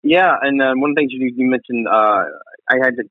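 A man's voice: mid-range voice, fairly quick, no room sound. A man, a chef, chatting casually as a guest, rambling with many fillers and restarts. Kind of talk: casual interview chat. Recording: tinny phone-like dry sound.

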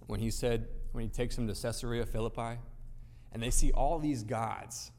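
A man's voice: mid-range voice, normal speed, a little mellow. A man preaching a sermon to a gathered audience, speaking emphatically with rhetorical questions and repeated phrases. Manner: emphatic, rhetorical, builds points through repetition. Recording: long reverb of a large hall.

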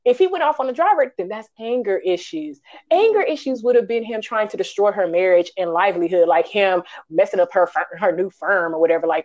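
A woman co-hosting a podcast, reviewing a film in casual chat, animated and ranting, acting out quotes in high voices. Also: fast, muffled recording. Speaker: podcast co-host.

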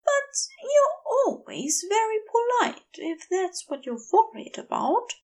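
A woman voicing a polite, gently teasing male angel with a prim, raised voice, reading a storybook aloud. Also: very high voice, big pitch swings, takes it slowly, pitched above the performer's own voice, full character voice.

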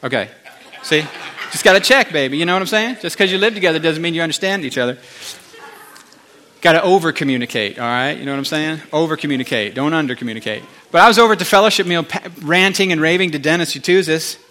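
Forceful, bright-voiced man preaching. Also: a little high, fast. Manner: animated, chatty asides to the congregation. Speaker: pastor. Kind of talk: conversational sermon.

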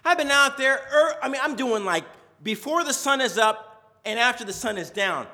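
A man's voice: high-pitched, fairly quick, bright, forceful tone. A man voicing a resentful young older brother in a retold parable, indignant and complaining.

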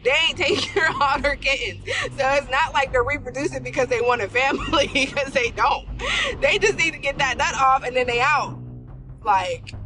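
A woman's voice: high-pitched, normal speed, bright, forceful tone, faint music behind. A woman hosting her own podcast, talking frankly in slangy casual speech and laughing often. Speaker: podcast host. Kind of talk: casual solo podcast talk.

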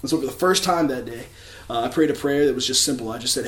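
Guy sharing his faith story, laughs a lot, gets soft n emotional, roomy echo. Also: medium pitch, fast talker. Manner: earnest, laughs often, drops quiet when emotional. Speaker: church speaker. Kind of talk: personal testimony.

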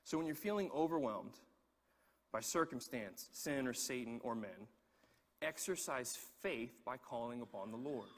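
A man preaching a sermon, telling a personal story in an animated way and repeating words as he gets going. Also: mid-range voice, normal speed, big-room sound. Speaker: pastor.

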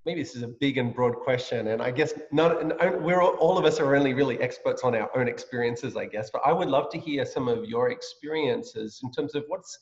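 Friendly man hosting a video call. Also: mid-range voice. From Australia. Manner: friendly, halting with fillers. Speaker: pastor hosting an interview series. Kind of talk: casual video-call interview. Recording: slightly dull lo-fi audio.

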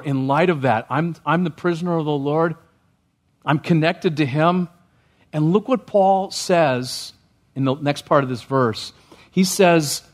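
A pastor preaches in a church sanctuary, talking loosely and conversationally in a voice slightly high for a man, and he repeatedly asks the congregation questions.

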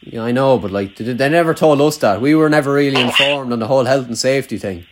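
A young man from rural Ireland talks quickly in a mid-range voice over background noise. It's a casual chat, loose with swearing and packed with rambling "like"s.

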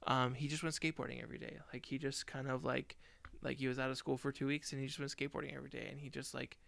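A man's voice: medium pitch, flat delivery, racing, gravelly, fairly bright tone, no echo. A man co-hosting a podcast, talking through a film review in casual chat, rambling with lots of fillers. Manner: rambling, lots of "like" fillers, tells personal stories. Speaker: podcast co-host.

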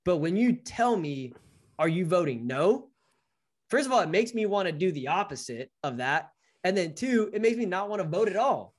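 A young man co-hosting a casual chat, telling stories in an animated way and acting out the lines of people he quotes. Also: high voice, a little fast. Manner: animated storytelling, acts out quoted dialogue. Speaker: podcast co-host.

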